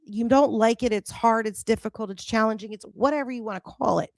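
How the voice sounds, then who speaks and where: A woman coach hosting a talk show, telling a story in a direct, lively way. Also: fairly high pitch, brisk, gravelly, no room sound. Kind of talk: casual chat.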